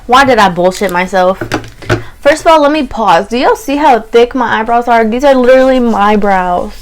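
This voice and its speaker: A woman's voice: on the high side, normal speed. A young woman chatting to camera in a candid story-time vlog, swearing freely and acting out her own reactions. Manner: chatty, candid, swears freely, quotes herself in lively asides. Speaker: beauty vlogger.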